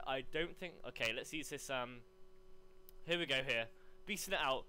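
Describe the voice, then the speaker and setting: A young man commentating live on his gameplay, rambling between chat and excited yelps. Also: on the high side, moderate pace, smooth. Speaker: gaming commentator.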